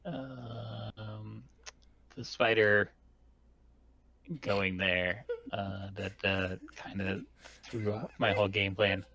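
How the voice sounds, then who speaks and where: A young man playing a tabletop game, talking slowly and hesitantly with many fillers. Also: lowish voice, steady tone, bright, forceful tone. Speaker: player. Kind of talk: casual chat at a game table.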